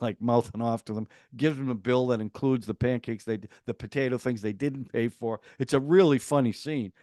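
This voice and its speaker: A man hosting a podcast, casually reviewing a TV series and retelling scenes in a chatty, animated way with quick asides. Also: mid-range voice, no echo, studio quality.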